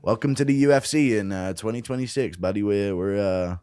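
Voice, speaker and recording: A man co-hosting a casual fight podcast, breaking down matchups in a relaxed, joking way. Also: on the low side, brisk, clear, resonant tone, no room sound, clean studio sound. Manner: relaxed, joking analysis with laughs.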